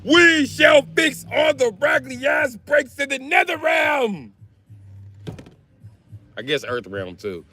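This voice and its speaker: A man putting on the voice of a gloating, menacing tyrant emperor, bellowing slow proclamations. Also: very high voice, big pitch swings, sharp tone, raised voice, soft background music, voice pushed up, full character voice.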